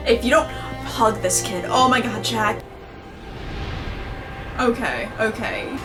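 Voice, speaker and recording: Woman reacting to a tv episode, gets super emotional, swears a ton, slow talker, show music behind. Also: on the high side. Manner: emotional, exclaiming, swears a lot. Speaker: reaction video host. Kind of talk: casual reaction commentary. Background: episode audio and music.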